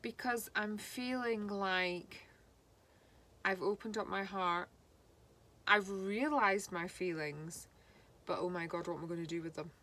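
A woman gives a spiritual card reading in a bright, clear voice. She speaks slowly and haltingly, pausing often as she puts feelings into words. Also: medium pitch. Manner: slow, halting and emotional, channeling feelings. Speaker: tarot reader.

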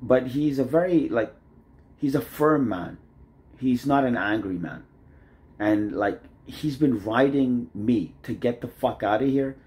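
A man talking straight to camera in a loose, rambling vlog, leaning on "like" over and over and often trailing off quieter mid-thought. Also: mid-range voice, a little slow. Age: adult, married. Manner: rambling, loose, leans on "like" constantly. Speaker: vlogger. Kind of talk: casual rambling vlog monologue.

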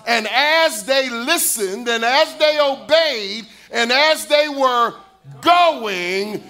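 Bright-voiced man preaching a rousing sermon. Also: very high-pitched, animated, drawn-out words. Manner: call-and-response preaching, swelling into shouts and sung phrases. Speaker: pastor.

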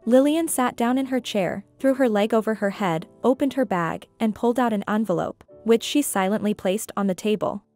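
A woman reading a drama story aloud as its narrator, keeping an even, steady delivery. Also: fairly high pitch, moderate pace, few pauses, soft background music.

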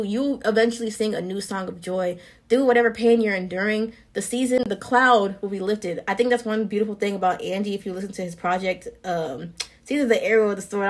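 A young woman giving casual, earnest faith encouragement in a vlog, with slang and a lively way of talking. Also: mid-range voice.

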